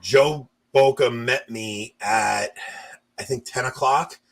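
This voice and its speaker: A man's voice: medium pitch, slow. A man from New York hosting a casual podcast, telling rambling stories and laughing often. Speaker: podcast host.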